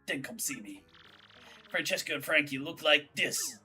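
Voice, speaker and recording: A woman voicing a gravelly old male mob boss creature in a video game, with a raspy, menacing drawl. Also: sits low, animated, moderate pace, pushed and bright, recorded from a distance, faint music behind. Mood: threatening. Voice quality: raspy Godfather-style mumble.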